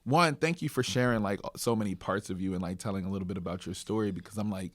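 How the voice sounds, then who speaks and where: Low-voiced man hosting a reflective chat. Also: fast. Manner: reflective, affirming, sums up the guest's story. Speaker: podcast host. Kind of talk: casual interview.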